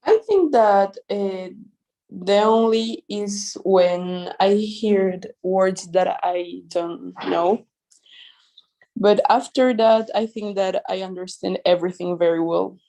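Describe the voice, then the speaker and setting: Slow, hesitant woman learning English. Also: mid-range voice, mellow. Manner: hesitant, searching for words, shy laughs. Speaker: English student. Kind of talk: answering a teacher's questions.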